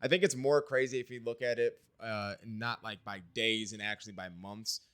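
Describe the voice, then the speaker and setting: A man's voice: fairly low pitch, steady tone, moderate pace, a bit bright, clear, resonant tone, dry recording. Candid rambling man, dry close sound. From Wisconsin, US. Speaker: video diarist. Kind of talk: casual spoken diary.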